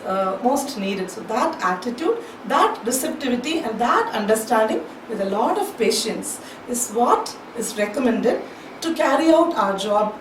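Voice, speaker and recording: A woman's voice: a little high, far from the mic. A woman lecturer, explaining a poem line by line and paraphrasing as she goes. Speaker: college English lecturer. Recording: echoey room, voice off-mic, faint hiss.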